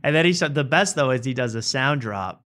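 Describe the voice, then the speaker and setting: A man's voice: mid-range voice, animated, brisk, fairly bright tone. A man hosting a talk show, riffing in a rambling, joking way. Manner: rambling, riffing, laughs at own bits. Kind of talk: casual comedic chat.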